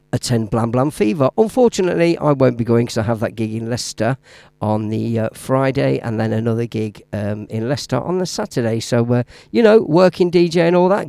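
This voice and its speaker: A man's voice: mid-range voice, vocal fry, mellow, no room sound, clean studio sound. A man with a Midlands accent hosting a radio show as DJ, talking in a rambling, chatty way that waffles on between records. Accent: Midlands English. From English Midlands. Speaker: radio DJ host. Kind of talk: casual radio DJ chat.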